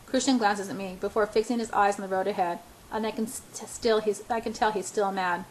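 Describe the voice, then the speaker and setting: A woman's voice: mid-range voice, steady tone, a little fast, slight background noise, poor audio. A woman reading a first-person novel aloud, often stumbling and restarting words. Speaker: audiobook reader.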